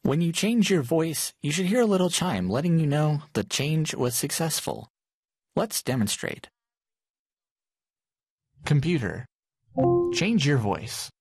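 A man hosting a podcast, giving clear, steady and instructive step-by-step tech narration. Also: fairly high pitch, unhurried, long pauses, no echo, studio quality. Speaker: podcast host. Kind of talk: scripted tech how-to narration.

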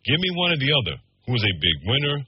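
A man hosts a sports talk radio show, talking quickly in a low, husky voice. His delivery is brisk and practiced. The sound is dry and a little dull. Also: sing-song, no room sound. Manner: brisk, reads plugs and phone numbers.

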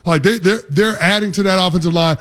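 A man's voice: high-pitched, quick pace, fairly bright tone. A man co-hosting a sports talk radio show, explaining football with confidence and casual slang. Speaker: sports analyst co-host.

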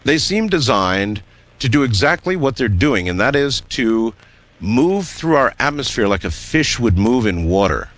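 A male radio talk show host with a lively voice that rises and falls a lot as he talks. He takes calls in a relaxed, conversational way and thinks out loud between callers' points. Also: mid-range voice. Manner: lively, drawn-out delivery with musing asides. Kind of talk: late-night call-in radio chat.

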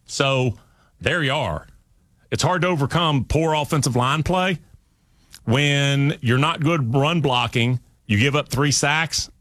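A man's voice: medium pitch, a bit bright, no echo. A man hosting sports talk radio, breaking down a game in a conversational, emphatic way. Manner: conversational, emphatic, talks through restarts.

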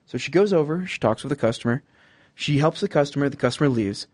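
A man's voice: fairly high pitch, lively intonation, quick pace, a little mellow, no room sound, studio quality. A young man giving casual advice about customer service jobs, rambling with many fillers and acting out quoted customers and bosses. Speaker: podcast host giving job advice. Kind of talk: casual monologue.

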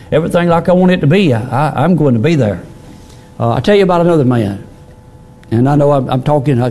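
Male pastor, middle-aged, mellow tone; folksy sermon delivery with restarts and fillers. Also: mid-range voice. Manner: plain-spoken, repeats words, many fillers.

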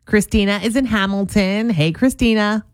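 A woman hosting a morning radio show, upbeat and brisk as she talks and takes calls. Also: mid-range voice, clear, resonant tone, dry recording. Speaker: radio host.

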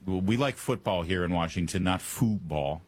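A man's voice: low voice, moderate pace, husky. A man hosting a talk radio show, delivering a joking monologue full of wry asides and puns. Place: Washington, D.C. studio.

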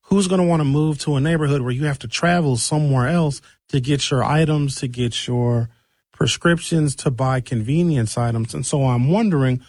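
A talk show host, hoarse from recent shouting, offers blunt, conversational commentary on local news and throws out rhetorical questions. His voice is on the high side, with no room sound.

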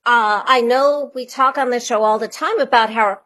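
A woman's voice: on the high side, normal speed, a bit bright. A woman who is an author and money coach, a radio interview guest, speaking earnestly and reflectively with conviction.

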